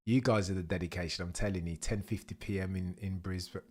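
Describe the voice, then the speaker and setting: A British man hosting a live race watchalong, chatting with viewers in a cheeky way and swinging between loud excited bursts and low mutters. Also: fast, hardly any pauses. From United Kingdom. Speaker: livestream host.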